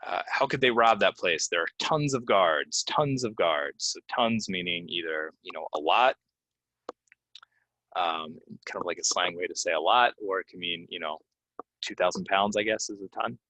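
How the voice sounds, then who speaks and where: A man teaching English pronunciation, reading example sentences and then repeating key words slowly with clear stress. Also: deep voice, sharp tone, no room sound. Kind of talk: pronunciation lesson. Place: Orlando, Florida.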